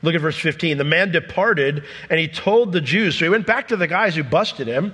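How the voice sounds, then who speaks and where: A man's voice: on the high side, normal speed, hardly any pauses, breathy edge. Man preaching in a reverberant hall. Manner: animated storytelling, acts out quoted voices. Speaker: pastor. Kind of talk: sermon.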